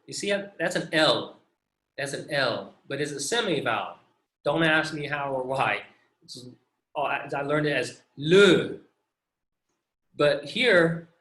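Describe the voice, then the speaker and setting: Guy teaching a language class over video call, super slow, bright voice, echoey room. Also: fairly high pitch. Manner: slow, patient, drawn-out syllables. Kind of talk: online language lesson, call and repeat.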